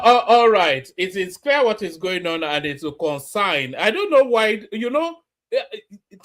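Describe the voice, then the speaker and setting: A man delivers sarcastic political commentary as a show host. His voice sits a little high and swings widely in pitch. He mocks his targets and drags out words to drive a point home. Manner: mocking, animated, with drawn-out emphasis.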